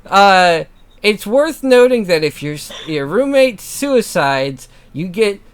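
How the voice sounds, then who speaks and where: A woman voicing a bubbly, chatty teenage schoolgirl roommate, reading game dialogue aloud with fast, gushing delivery. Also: medium pitch, clean tone. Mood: teasing. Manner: talks fast, gushing, lively.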